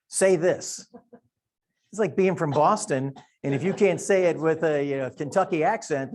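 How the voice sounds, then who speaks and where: A man's voice: fairly high pitch, moderate pace, a little mellow. A middle-aged man from Wisconsin teaching a Sunday Bible class, talking in a folksy, conversational way and thinking aloud. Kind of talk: Sunday school Bible lesson.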